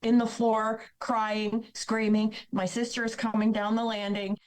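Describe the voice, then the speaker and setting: A woman's voice: fairly high pitch, flat delivery, a little slow, poor audio. A woman speaking as a podcast guest, telling her own painful life story in a blunt, candid, emotional way. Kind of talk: personal storytelling.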